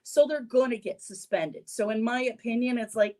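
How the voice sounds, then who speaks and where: A woman's voice: on the high side, normal speed, warm tone. A woman hosting a casual sports podcast segment, talking in a chatty way and laughing at her own lines. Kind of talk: casual opinion talk.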